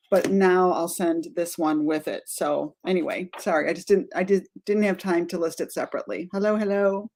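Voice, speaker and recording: A woman's voice: on the low side, warm tone. Chatty middle-aged woman hosting a live craft stream. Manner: chatty, friendly, greets viewers by name, sidetracks and self-corrects. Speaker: art tutorial host.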